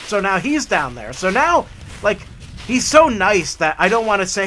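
A man in casual, animated storytelling on a hike along a forest trail. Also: high-pitched, normal speed, slight background noise. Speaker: hiking vlogger.

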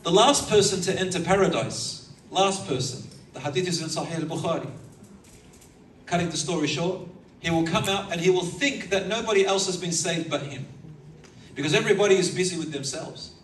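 A man preaching a sermon, an animated storyteller who chuckles between his points. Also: high-pitched, fairly quick, slight background noise. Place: lecture hall. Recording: echoey hall, mic from far off, faint ambience.

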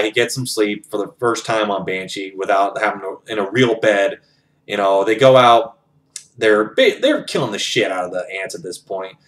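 A man's voice: on the low side, a bit bright. A man casually retelling a novel's plot in his own words, rambling with fillers and swearing. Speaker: book reviewer.

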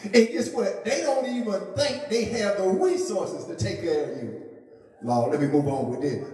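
A man preaching a sermon as pastor, joking playfully with the congregation and building up to a shout. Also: high voice, animated, moderate pace. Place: church sanctuary. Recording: echoey church from a distant mic.

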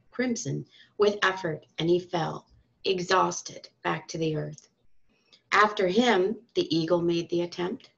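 A woman reading a storybook aloud to school children and parents, in a calm, expressive storytelling manner. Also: mid-range voice, gravelly. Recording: dull lo-fi recording.

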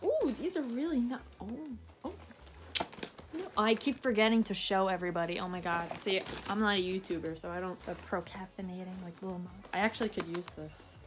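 Young american girl opening presents, super animated squeals, noisy audio. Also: mid-range voice. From USA. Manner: excitable, squealing, gushing. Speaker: gift recipient. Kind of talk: casual unboxing chat. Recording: noisy home recording.

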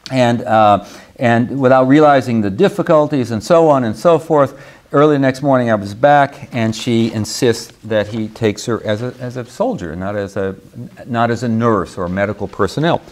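A man's voice: mid-range voice, moderate pace. A man teaches a university writing seminar in a classroom, with an everyday mid-range voice. He rambles, restarts phrases and keeps tossing "okay?" at his students. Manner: rambling, frequent restarts and "okay?" check-ins. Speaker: creative writing professor.

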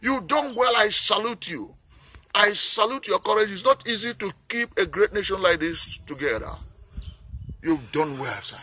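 A man's voice: high-pitched, normal speed, sharp tone, husky. A Nigerian man giving an earnest, pleading peace appeal, repeating his phrases again and again. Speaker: peace campaigner. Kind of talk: impassioned appeal speech.

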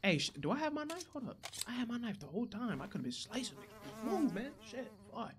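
A young man giving casual, profane gameplay commentary who reacts loudly to the action. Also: very high-pitched, very animated, fairly quick, a crowd in the background. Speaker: gaming channel host.

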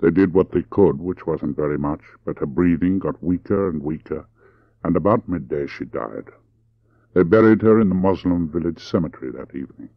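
A man narrating an audiobook with an expressive, varied delivery, in a dull lo-fi recording. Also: sits low, moderate pace, no room sound.

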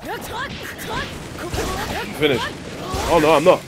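A man hosting a gaming channel, giving excitable live commentary on a fighting game, swearing and yelling at his opponent. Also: on the high side, slow pace. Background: game music.

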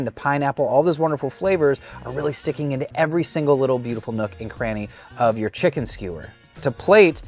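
A man hosting a cooking show, demonstrating a recipe in an upbeat, chatty way that often restarts mid-sentence. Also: medium pitch. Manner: upbeat, chatty, self-interrupting.

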